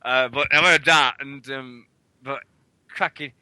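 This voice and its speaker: A man's voice: medium pitch, steady tone, measured pace, pushed and bright, smooth, no room sound. A British man hosting a wrestling radio show, swearing constantly as he rambles through stories. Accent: British English. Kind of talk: casual chat.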